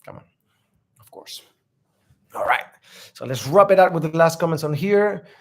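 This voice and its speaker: A man's voice: a little high, moderate pace. A travel vlogger, a man, talks through viewer questions in a loose, unscripted Q&A. He rambles and leans on fillers as he goes. His tone stays upbeat and friendly, and he laughs easily. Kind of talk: casual live Q&A chat.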